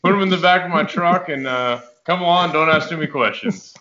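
A scheming bar owner coaxing his helper along, as a player puts him on, persuasive and offhand. The voice is bright and forceful, in a slightly muffled tabletop-game recording. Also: on the high side, brisk, pitched above the performer's own voice.

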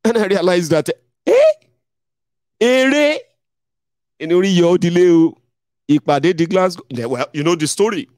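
A man's voice: high-pitched, lively intonation, moderate pace, long pauses, darkish tone, no room sound, clean studio sound. A young adult man with a Nigerian accent, giving a blunt, mocking political commentary to his viewers. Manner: blunt, mocking, mimics others in a raised voice. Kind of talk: casual monologue to viewers.

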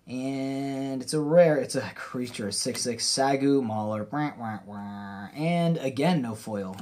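A young man hosting a casual card-opening video, talking straight to his viewers and getting excitable over what he pulls. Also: medium pitch, slightly rough. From Canada. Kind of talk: casual pack-opening commentary.

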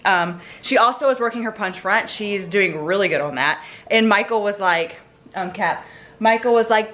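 A woman's voice: mid-range voice, normal speed, fairly bright tone. A middle-aged woman and mother chatting casually and upbeat at home for a family vlog, rambling from one thing to the next.

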